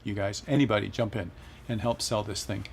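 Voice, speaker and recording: A man's voice: on the low side, brisk, vocal fry, a little hiss or hum. A middle-aged man hosting a casual flight-sim livestream, chatting and reading viewer comments aloud with frequent laughs. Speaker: livestream host.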